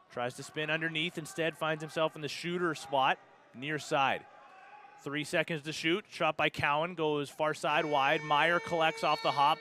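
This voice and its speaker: A Canadian man calls a lacrosse game play by play in a brisk, running commentary. His voice sits a little high for a man, with a bright, forward edge. He rises sharply whenever a shot is saved or a goal goes in.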